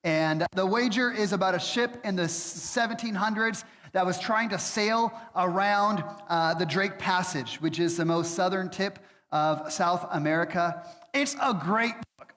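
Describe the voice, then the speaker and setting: Male pastor, high voice, casual halting delivery, long church-hall reverb. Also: a bit bright. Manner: conversational, hesitant with frequent fillers. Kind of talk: sermon. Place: church sanctuary.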